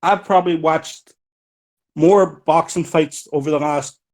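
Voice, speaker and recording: A man's voice: on the high side, fairly even intonation, unhurried, a little mellow, slight background noise. A man with a Donegal Irish accent, calling in to a boxing podcast, easygoing and chatty, always saying "you know". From Ireland. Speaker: caller. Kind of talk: casual podcast call.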